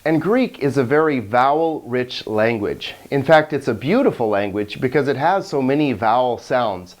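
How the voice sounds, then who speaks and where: A man's voice: mid-range voice, animated, moderate pace. A middle-aged man teaching a video lesson on Greek, enthusiastic and often chuckling as he explains.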